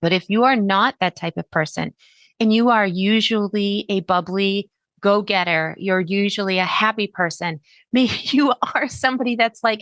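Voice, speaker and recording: Chatty animated woman podcast host. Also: unhurried, no room sound. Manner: chatty and animated, with sudden pitch jumps when acting out voices. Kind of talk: solo podcast talk.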